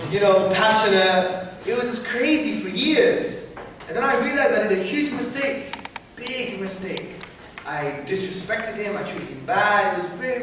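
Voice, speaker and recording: A man answering student questions in a university lecture hall, animated and often checking in with "yeah?". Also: sits high. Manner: animated, repeats "yeah?" to the audience. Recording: very echoey hall, noisy, from far off.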